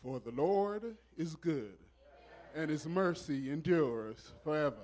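A man who is a pastor, speaking in church in a preacherly style with loud exclamations and call and response. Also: a little high, animated, slow. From Southern California. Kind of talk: church welcome speech. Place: church sanctuary.

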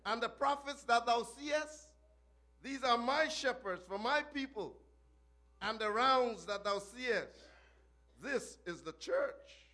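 A man preaching, voicing a solemn divine figure on a throne in hushed archaic speech. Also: very high-pitched, lively intonation, slow, full character voice.

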